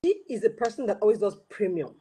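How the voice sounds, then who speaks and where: A woman host, chatting on a video call and telling animated stories, acting out the voices of the people she quotes. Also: medium pitch, fast, a little hiss or hum. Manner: animated storyteller, acts out quotes. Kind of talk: casual chat on a video call.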